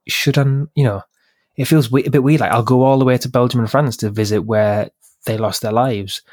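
A man's voice: medium pitch, fairly even intonation, brisk, darkish tone, no echo, studio quality. A man co-hosting a podcast, talking things through in a casual, hesitant way with many restarts. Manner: hesitant, repeats words, thinking aloud. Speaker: podcast co-host.

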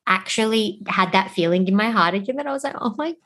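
A woman's voice: medium pitch, expressive, quick pace, fairly bright tone. Giggly woman podcast co-host. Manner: giggly, reads old messages aloud. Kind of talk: casual chat.

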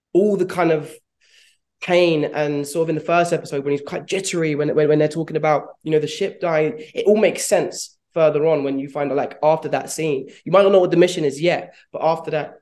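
A man's voice: a little high, a little mellow. Reflective man. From London, England. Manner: reflective, rambling, laughs often. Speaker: actor guest. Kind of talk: casual interview answers.

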